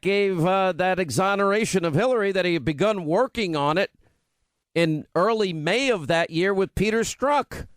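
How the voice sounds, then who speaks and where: Hard-hitting high-voiced male radio host. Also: dry recording. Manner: mocking repetition of buzzwords, rapid-fire lists. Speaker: radio talk show host. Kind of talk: opinionated talk radio monologue.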